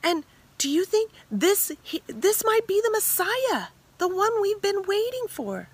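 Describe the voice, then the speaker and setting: A woman voicing an eager, excitable woman from a storytelling retelling, breathless and insistent. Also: fairly high pitch, normal speed, husky, heavily acted. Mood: excited.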